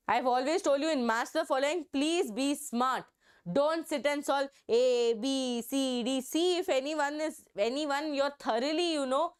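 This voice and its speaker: Woman, online biology tutor, high and smooth voice, coaxing and repetitive. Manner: coaxing, repeats key words to stress them. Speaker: online exam-prep teacher. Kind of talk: live online biology class.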